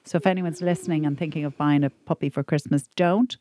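A woman's voice: low voice, steady tone, fast talker, dark tone, no room sound, studio quality. An Irish woman co-hosting a comedy podcast, chatting casually and telling stories with playful exaggeration. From Ireland.

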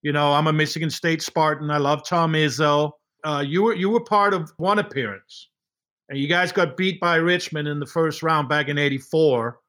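A man's voice: a little high, steady tone, moderate pace, fairly bright tone. A man hosting a podcast, asking his guest questions in a friendly, casual way. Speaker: podcast host. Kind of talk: casual interview.

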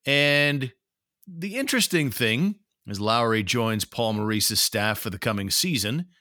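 A man co-hosting a casual sports podcast, laying out news in a measured, informative way. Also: medium pitch, expressive, pushed and bright, dry recording, clean studio sound. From Canada. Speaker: podcast co-host.

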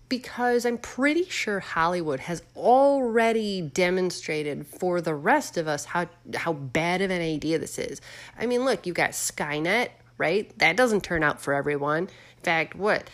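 Rambling, musing woman chatting casually. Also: fairly low pitch. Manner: musing, rambling, full of fillers; asks the audience questions. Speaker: host. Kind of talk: casual chat.

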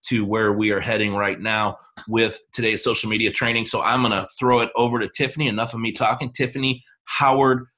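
An energetic man leads an online training session, coaching his audience with a string of rhetorical questions. His voice has a bright, forward tone. He talks over a video call. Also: on the low side, brisk, hardly any pauses. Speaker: host and team leader. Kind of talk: motivational training talk.

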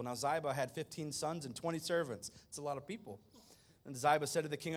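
A male pastor retelling a scripture story as a sermon, dramatic, swinging between loud stretches and hushed ones. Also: a little high, brisk.

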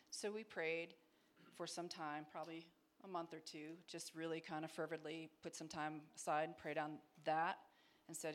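Low-voiced woman telling a mission story. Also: fairly even intonation, moderate pace. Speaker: missionary co-host. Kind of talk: casual testimony talk.

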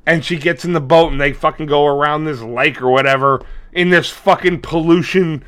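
A man in his forties co-hosting a podcast, retelling a movie in crude casual chat, swearing constantly and acting out characters. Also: moderate pace. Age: 40s. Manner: profane, animated, acts out characters in high squeaky voices. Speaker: podcast co-host.

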